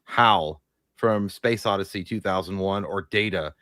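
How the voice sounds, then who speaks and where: A man co-hosting a casual live movie chat, rambling and excitable, swearing freely. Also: low-pitched, unhurried, no room sound, clean studio sound. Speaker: co-host.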